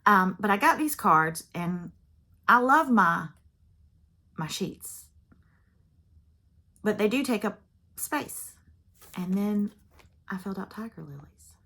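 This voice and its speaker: A woman's voice: mid-range voice, lively intonation, slow pace, pauses often, bright, forceful tone. A woman in her fifties hosting a cross-stitch channel, talking casually and chattily to her viewers and rambling with frequent little laughs.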